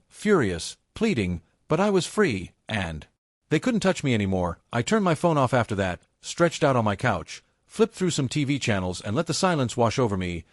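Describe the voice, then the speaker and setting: A man narrating a first-person family drama story in an even, steady storytelling read. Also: mid-range voice, dry recording, studio quality.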